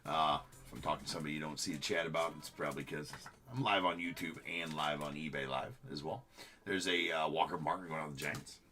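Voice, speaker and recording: Low, bright-toned man hosting a card break. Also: fairly even intonation, soft background music. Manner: rapid running commentary with frequent filler words. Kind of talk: live-streamed card break commentary.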